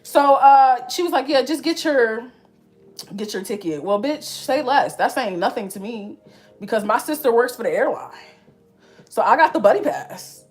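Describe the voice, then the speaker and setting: A woman's voice: on the high side, lively intonation, normal speed, soft background music. A young woman in her twenties telling a story to her viewers in casual, slangy chat, laughing often. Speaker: vlogger.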